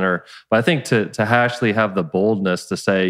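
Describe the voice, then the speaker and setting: A man's voice: sits low, fairly even intonation, fairly quick, few pauses. Man asking long, rambling questions. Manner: thoughtful, rambling questions with restarts. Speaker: podcast host. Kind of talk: interview questions.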